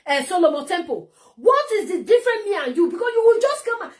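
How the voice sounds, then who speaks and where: A woman's voice: extremely high pitch, sing-song, quick pace, hardly any pauses. A woman with a Nigerian accent ranting heatedly into her vlog, mocking and repeating herself as she scolds. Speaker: vlogger.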